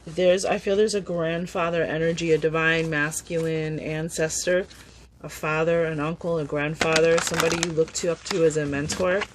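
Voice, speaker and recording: A woman giving a casual, upbeat tarot reading, chatty and quick to laugh. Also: low voice, little pitch movement, slight background noise, poor audio. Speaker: tarot reader.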